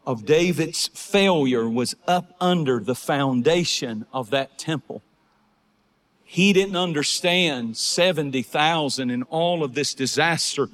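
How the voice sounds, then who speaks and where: A man preaching a fervent sermon, swinging between shouted praise and hushed storytelling. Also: mid-range voice. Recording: hall reverb.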